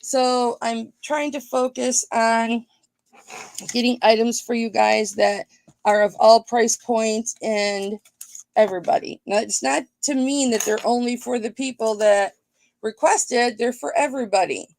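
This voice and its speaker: A woman host of a live-stream auction with a gravelly, slightly high voice, taking her time as she chats playfully to viewers. The sound is close and dry, with no room around it. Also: unhurried, dry recording. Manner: chatty and playful, thinks out loud, greets viewers by name.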